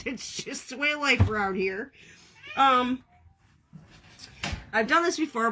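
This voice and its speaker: A woman's voice: a little high, pushed and bright. A woman, chatting casually with viewers as she hosts a crafting livestream from home, laughing often.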